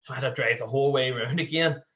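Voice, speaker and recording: A man's voice: mid-range voice, very fast, a bit bright, muffled recording, a little hiss or hum. Northern Irish man telling a rambling story. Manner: rambling, full of "you know" fillers and restarts. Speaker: podcast guest. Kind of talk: candid personal storytelling.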